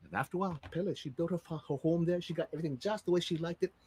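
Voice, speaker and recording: A man from Hawaii telling island legends with lively sound effects, in a Hawaiian Pidgin accent. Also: a little high, very fast, husky. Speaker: storyteller. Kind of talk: live storytelling of legends.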